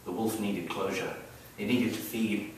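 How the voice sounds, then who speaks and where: A man reading his own story aloud at a live event, wry and expressive, building up the action. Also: on the low side, a little slow, slight background noise. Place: event hall, heard from the audience area. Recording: very echoey hall, mic far off.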